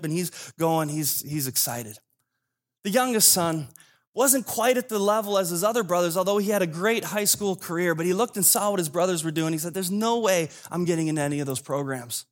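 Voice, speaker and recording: A man preaching a sermon, retelling a parable as a modern story with acted dialogue and casual asides. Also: high voice. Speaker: pastor.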